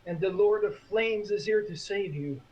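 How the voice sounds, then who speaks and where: Male tabletop player, a bit high-pitched, earnest and stumbling, on a muffled mic with faint noise. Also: moderate pace, a little mellow. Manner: earnest, restarting phrases. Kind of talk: in-character tabletop role-play.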